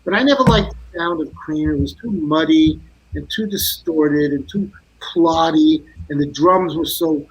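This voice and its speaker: Older man, high-pitched animated storyteller. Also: measured pace, highs cut off. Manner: animated anecdotes full of quoted voices. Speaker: guest guitarist. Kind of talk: casual interview storytelling.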